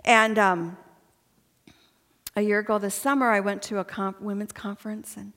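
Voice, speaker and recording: A woman's voice: mid-range voice, flat delivery, normal speed, a bit bright. A woman giving a personal faith testimony to a women's gathering, chatty and earnest and laughing often. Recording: long hall reverb.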